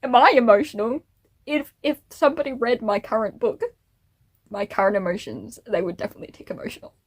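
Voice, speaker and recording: A woman's voice: on the high side, brisk. Chatty young woman, rambling vlog. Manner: rambling, self-amused, giggly. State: teary and emotional. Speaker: vlogger. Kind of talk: casual chat to camera.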